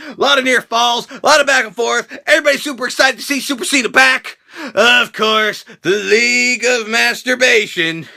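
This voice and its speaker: A young man hosting a crude, excitable, jokey wrestling reaction rant. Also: extremely high pitch, creaky. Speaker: wrestling show reaction host. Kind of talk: profane comedic rant review.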